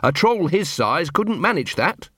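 A man reading an audiobook, voicing an earnest, polite young watch corporal who speaks with calm authority. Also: a little high, measured pace, breathy edge, no echo, studio quality, pitched above the performer's own voice, full character voice.

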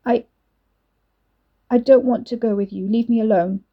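A woman's voice: a little high, steady tone, moderate pace, lo-fi sound, pitched above the performer's own voice. A woman voicing a frightened young woman who falters and mumbles. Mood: scared.

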